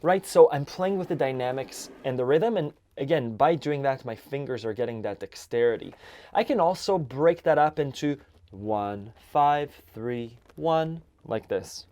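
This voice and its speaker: A man teaching an accordion lesson, explaining chords and counting beats in a relaxed way. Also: medium pitch, moderate pace. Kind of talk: music lesson. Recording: accordion music loud in background. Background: accordion playing.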